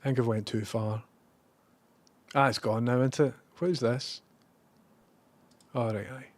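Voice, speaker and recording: A Scottish man chatting casually on a live stream. He rambles, swears freely and now and then bursts out loudly. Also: mid-range voice, measured pace, no room sound. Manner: rambling and profane, with bursts of loud excitement.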